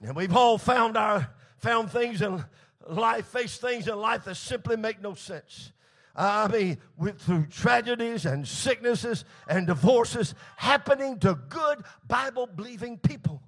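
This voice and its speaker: A man preaching an impassioned sermon as pastor, often shouting out his lines. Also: sits high, lively intonation, measured pace.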